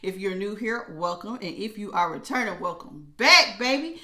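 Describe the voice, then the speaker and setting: A woman's voice: medium pitch, normal speed. A woman, a tarot reader talking casually and emotionally to her viewers. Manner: chatty and emotional, animated with laughs.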